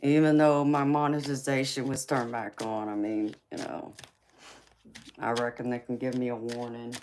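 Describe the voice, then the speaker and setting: A woman's voice: rumbling low, little pitch movement, moderate pace, a little mellow, slight background noise. A woman hosting a tarot live stream, chatting casually with viewers, often teasing and calling them honey, baby and sweetheart.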